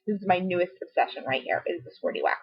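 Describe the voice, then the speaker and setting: A woman's voice: on the low side, animated, quick pace, husky. A middle-aged woman gushing through a casual product review to camera, chatty and full of asides. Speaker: beauty and home product vlogger. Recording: dull lo-fi home video audio.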